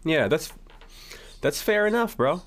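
A man's voice: on the high side, big pitch swings, unhurried. A man co-hosting a casual podcast, laid-back, chiming in with short affirmations and questions. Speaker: podcast co-host.

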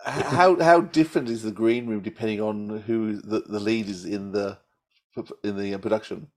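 Halting male interviewer, low voice. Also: darkish tone. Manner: halting, hesitant questions. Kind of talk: interview questions.

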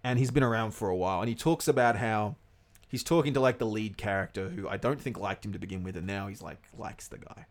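A man in his thirties co-hosting a podcast, chatting casually and telling animated stories, swearing freely. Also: lowish voice, quick pace. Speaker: podcast co-host. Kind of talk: casual chat.

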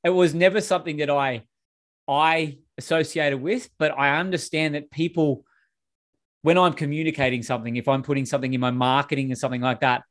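Male podcast host, slightly high pitch, reflective and conversational. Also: fairly even intonation, fairly quick. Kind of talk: casual interview chat.

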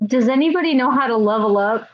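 A woman chats as a player in a tabletop game, sheepish and quick to laugh. Her voice sits high, and the recording sounds dull and lo-fi. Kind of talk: casual tabletop game chat.

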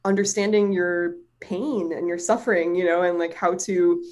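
A woman's voice: fairly low pitch, fairly even intonation, normal speed, a little mellow. A woman chatting casually, telling a personal story in a rambling way, full of fillers and swearing, often laughing. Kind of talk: casual chat.

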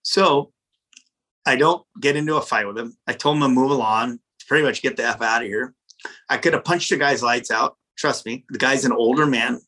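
A restaurant owner telling a story in his office, animated and profane, often repeating words when he gets worked up. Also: mid-range voice, moderate pace, breathy edge. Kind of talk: casual storytelling in an interview.

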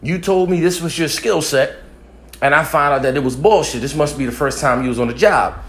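A man's voice: fairly high pitch, fairly quick, fairly bright tone. A young man telling a crude, boastful comic story, profane and often laughing as he talks.

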